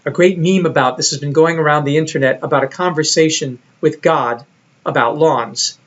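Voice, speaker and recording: A man's voice: fairly high pitch, moderate pace. A man narrating a recorded lecture in a reflective, storytelling way, on a dull lo-fi recording. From United States.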